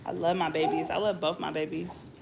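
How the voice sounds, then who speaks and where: A woman's voice: low-pitched, little pitch movement, a little fast, vocal fry. Slangy woman, noisy room. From Bay Area, California. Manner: loose, slangy and joking, with bursts of loud scolding. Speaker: vlogger. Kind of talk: casual chat.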